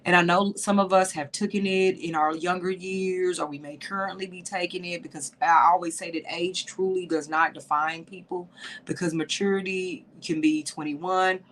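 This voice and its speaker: A woman's voice: lowish voice, fairly even intonation, moderate pace, fairly bright tone, a little hiss or hum. A woman hosting a podcast in a livestream, talking to women listeners with heartfelt emotion and tears, saying y'all often. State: teary, sniffling. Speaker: podcast host.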